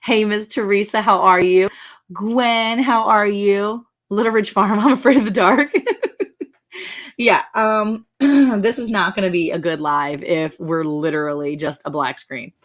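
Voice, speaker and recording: A woman's voice: medium pitch, fairly even intonation, unhurried. A woman hosting a casual ranch livestream, chatty and laughing often as she greets viewers by name.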